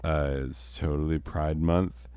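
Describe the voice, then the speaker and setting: A man's voice: a bass voice, steady tone, slow pace, a little mellow, smooth, dry recording. A middle-aged man and father, telling a story in a casual, profane, self-mocking way and laughing often. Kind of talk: casual storytelling while playing a game.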